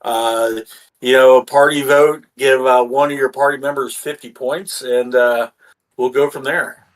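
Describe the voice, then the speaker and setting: A man running a tabletop game as game master, casual and halting with many fillers. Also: mid-range voice, steady tone.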